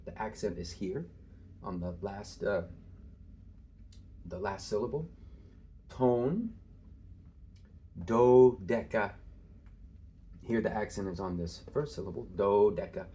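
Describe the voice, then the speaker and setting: A man teaching an informal screen-share lesson in a relaxed way, with many filler sounds, slowing down to stress key terms. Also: low voice, a little hiss or hum.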